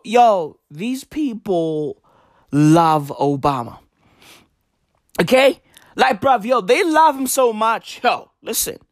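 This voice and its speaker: A man with doing a profane, animated comedy rant. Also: high voice, no room sound, clean studio sound. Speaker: commentator.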